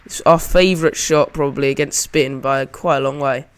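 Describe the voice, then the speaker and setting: A man's voice: mid-range voice, fairly even intonation, normal speed, clear, resonant tone. A man giving casual, chatty commentary over his own gameplay as a channel host, narrating each shot as he plays it.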